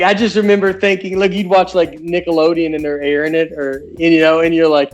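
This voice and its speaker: A man's voice: a little high, level tone, fairly quick, hardly any pauses, faint music behind. A man from Tennessee with a Southern accent, a comedian answering interview questions in a rambling, self-interrupting way with dry asides. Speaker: comedian guest. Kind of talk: casual interview chat.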